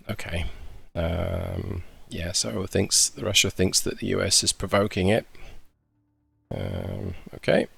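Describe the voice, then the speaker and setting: A man's voice: low voice, vocal fry, fairly bright tone, breathy edge, no room sound. A man commenting on a game, reading briefings aloud and adding dry, sarcastic asides. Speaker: gaming YouTuber. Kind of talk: casual gameplay commentary.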